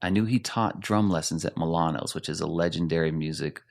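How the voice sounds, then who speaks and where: Deep gravelly man telling stories. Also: fairly quick. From Arizona. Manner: animated, laughs often while telling stories. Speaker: guest, rock singer. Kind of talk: casual interview storytelling.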